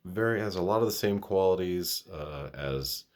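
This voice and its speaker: A man's voice: deep voice, animated, moderate pace, a little mellow. A middle-aged man hosting his own vlog, talking earnestly and rambling with restarts, a little sniffly. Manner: earnest, rambling, self-correcting. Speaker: vlog host. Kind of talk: casual monologue to camera.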